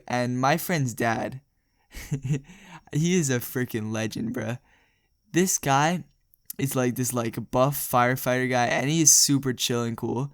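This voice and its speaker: Gravelly young man telling a rambling story. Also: medium pitch, measured pace, no room sound, studio quality. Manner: rambling, jokey, laughs often. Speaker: storytime vlogger. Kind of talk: casual storytelling.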